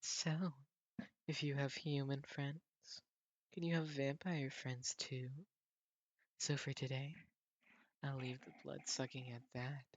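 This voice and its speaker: A man's voice: medium pitch, little pitch movement, slow pace, pauses often, no room sound, muffled recording. A man voicing a moody, teasing young vampire woman in a manga read-aloud, snappy and blunt. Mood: soft teasing.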